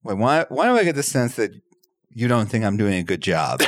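A man hosting a comedy podcast, joking and riffing loudly, recorded over an online call mic. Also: fairly low pitch. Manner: animated, loud bursts, jokey impressions. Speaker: podcast host.

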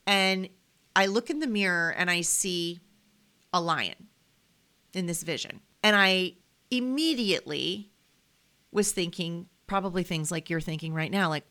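A woman's voice: lowish voice, unhurried, sharp tone. A woman hosting a podcast, talking in a casual, heartfelt way with lots of fillers. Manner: chatty and heartfelt, many fillers. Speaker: podcast host. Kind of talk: casual solo podcast monologue.

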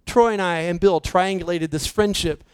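A man preaching a sermon, slow and emphatic, dropping his voice low for key points. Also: fairly even intonation, smooth, no echo, poor audio. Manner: slow, emphatic preaching with dramatic drops to near-whisper. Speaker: pastor.

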